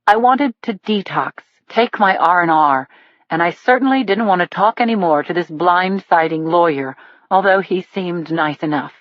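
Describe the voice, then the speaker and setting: Low-voiced woman reading a thriller. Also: normal speed, no echo. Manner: steady first-person storytelling. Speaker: audiobook narrator. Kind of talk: scripted narration. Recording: dull lo-fi dry recording.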